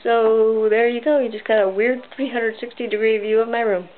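In her bedroom, a young beauty vlogger gives a casual review of lotions, chatty and bubbly with plenty of ums. Her voice sits a little high, with fairly even intonation and a moderate pace. The audio is tinny, lo-fi camera sound.

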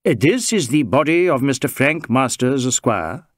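A man voicing a hesitant, apologetic police inspector who stumbles with many pauses. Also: mid-range voice, big pitch swings, dry recording, studio quality.

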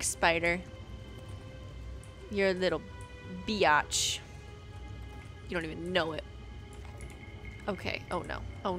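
A young woman giving excitable let's-play commentary, chatting to in-game animals and squealing when things go wrong. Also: lowish voice. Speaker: gaming video creator.

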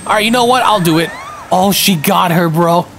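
A young man giving live commentary on a multiplayer game, excitable and panicky, yelping and throwing in a lot of slang. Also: sits high, moderate pace, very noisy. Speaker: gaming streamer.

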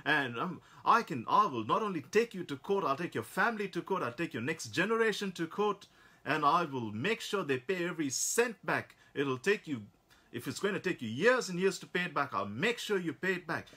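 A man voicing a furious wealthy businessman who shouts threats. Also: a little high, sing-song, a little fast, husky, voice pushed up, heavily acted.

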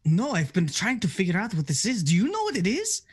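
A woman's voice: mid-range voice, huge pitch swings, a little fast, slightly rough. A woman playing a tabletop game, answering in character with curious questions. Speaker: player.

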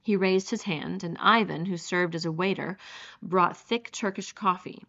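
Woman narrating an audiobook, lowish voice. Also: moderate pace, creaky, a bit bright, lo-fi sound. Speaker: audiobook reader.

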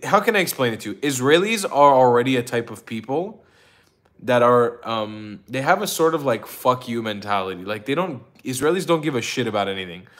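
A man hosting a casual livestream, telling stories in an excitable, profane way and laughing often. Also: medium pitch, fairly quick. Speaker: livestream host.

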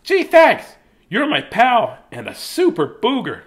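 A man voicing an excited young boy hero in a children's picture book, eager and bright. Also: extremely high pitch, slow, voice pushed up, exaggerated voice.

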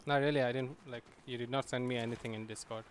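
A man's voice: mid-range voice, steady tone, fast talker, slight background noise. A man streaming a game and chatting casually with friends in a laid-back, joking way. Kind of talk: casual gaming voice chat.

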